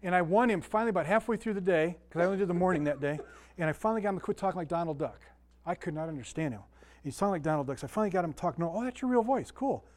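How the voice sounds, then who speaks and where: This man's high voice comes out rapid-fire as he leads a relaxed, folksy Bible lesson. He's a Sunday school teacher who keeps it chatty, often quizzing the room and spinning stories.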